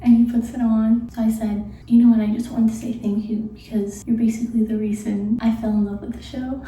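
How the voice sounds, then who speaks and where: Hushed, giggly young woman in an echoey room. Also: fairly high pitch, little pitch movement, brisk. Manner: hushed, half-whispered, giggly and gushing. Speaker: vlogger. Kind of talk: late-night storytime. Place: room at night before bed. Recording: very echoey room, mic far off.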